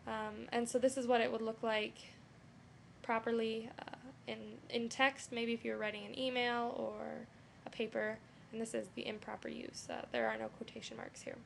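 A young adult woman teaches a casual lesson over a screen recording, speaking loosely and relaxed with frequent "um" and "you know." Her voice is a little high with vocal fry, and there's slight background noise.

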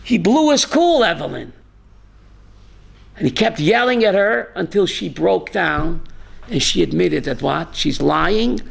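A man, a rabbi, teaching a class with animated storytelling and calling on students by name. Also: high voice, measured pace, gravelly, husky.

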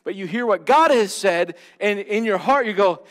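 A pastor delivers a sermon in an earnest, direct way to his congregation, his high-pitched voice alternating between loud, emphatic bursts and hushed asides. His intonation is lively and his speed is normal.

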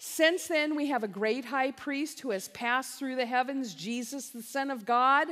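A woman's voice: sits high, measured pace, a bit bright. A woman preaching a sermon-style talk as a conference speaker, impassioned and emphatic, leaning on repetition. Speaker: conference speaker and biblical counselor. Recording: long reverb of a large hall.

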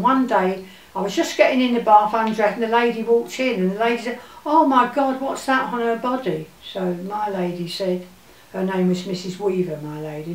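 An elderly woman from England talks through old memories in a soft, halting way, pausing often and trailing off. Her voice sits at an ordinary pitch and is picked up from a distance. The room is echoey and a faint hiss runs underneath. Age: older. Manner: halting and gentle, with many pauses and fillers. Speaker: interviewee recalling her childhood. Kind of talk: reminiscing interview.

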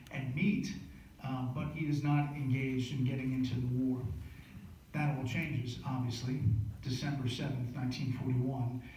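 A man, an author giving a book lecture, telling history as animated stories, recorded from a distance in an echoey hall. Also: medium pitch, a little hiss or hum. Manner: animated storytelling with frequent fillers and restarts. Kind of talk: storytelling lecture.

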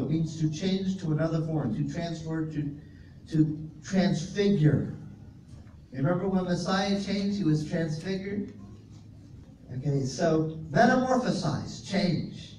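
A man's voice: a little high, dark tone, far from the mic. Man preaching in an echoey hall. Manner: reads scripture aloud and explains Greek words to a congregation. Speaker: pastor. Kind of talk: sermon with scripture reading. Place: fellowship hall. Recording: roomy echo, voice from off-mic, faint noise.

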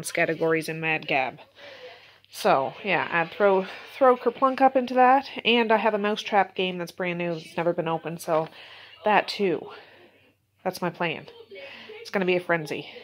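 A woman's voice: fairly low pitch, a bit bright. A middle-aged woman with a Nova Scotian accent, chatting in a rambling, self-correcting way for her home vlog. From Nova Scotia, Canada. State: out of breath. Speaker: vlogger. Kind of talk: casual chat. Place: outdoors in snow at dawn.

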